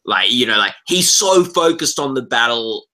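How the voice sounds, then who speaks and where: Male recap panelist, bright forceful tone, animated, chatty with frequent restarts. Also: mid-range voice. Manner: animated, retells scenes with lots of "like" and quick restarts. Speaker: entertainment writer on a recap panel. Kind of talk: casual panel discussion.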